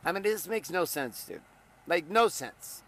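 A middle-aged man hosting a motivational podcast as a coach, talking casually with profanity and jokes, and now and then bursting into loud yells. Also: sits high, very animated, unhurried. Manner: profane, joking, bursts into shouting.

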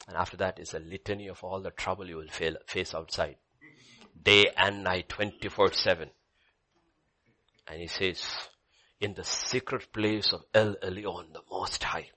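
A man preaching a sermon to a congregation in church, swinging from low murmurs to high excited cries. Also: a little slow, pauses often.

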